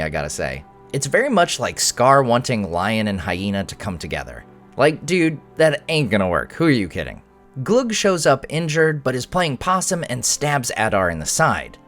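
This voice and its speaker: A man's voice: medium pitch, fairly bright tone. A man hosting a show breaking down a TV episode, with wry joking asides. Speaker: host.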